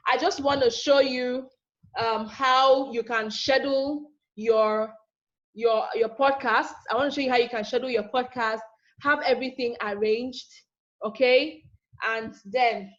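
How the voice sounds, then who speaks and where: A woman's voice: a little high, steady tone, unhurried, fairly bright tone. A woman teaching a live online class, chatty and teasing, checking in often with "okay?". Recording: dull lo-fi.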